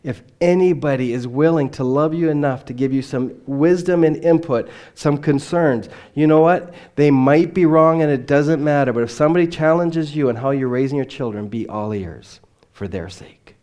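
A man giving a sermon as a missionary speaker, telling a personal story earnestly and swinging from loud emphatic lines to quiet, dropped endings. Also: on the high side, moderate pace, few pauses.

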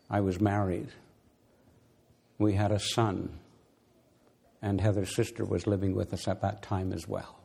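A man's voice: sits low, little pitch movement, a little slow, creaky, long pauses, warm tone, husky. Earnest man preaching a sermon. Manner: earnest storytelling, voice rises when exhorting. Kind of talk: sermon with personal testimony.

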